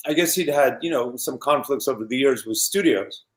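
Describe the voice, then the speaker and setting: A man in his fifties from New York, a guest actor recalling film shoots in a casual, animated interview. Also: mid-range voice, a little fast. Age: 50s. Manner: animated anecdotes with laughs and quoted voices.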